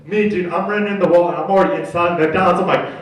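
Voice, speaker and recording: A young man doing stand-up, telling a rambling, slangy story and loudly acting out the people in it. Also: high-pitched, steady tone, fast. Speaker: stand-up comedian. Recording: echoey room from far off.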